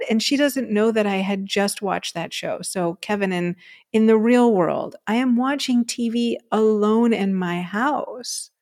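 A woman's voice: mid-range voice, darkish tone. A woman co-hosting a podcast, telling a personal story in a casual, conversational way and often asking "right?". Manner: storytelling, frequently asks "right?" and says "um". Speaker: podcast co-host.

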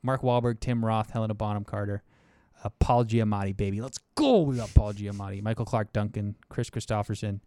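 A young man co-hosting a casual film podcast, enthusiastic and animated, dropping to mumbled asides and then jumping into excited, high bursts. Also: a little fast, clean tone, dry recording, studio quality. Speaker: podcast co-host. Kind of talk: casual film review chat.

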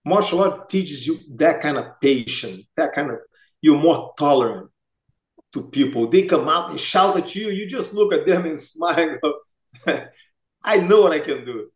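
A man's voice: fairly high pitch, normal speed. A middle-aged man with a Brazilian accent, a martial arts master telling casual stories and acting out the voices of the people in them. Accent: Brazilian Portuguese. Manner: animated, acts out quoted voices. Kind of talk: casual storytelling. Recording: echoey room.

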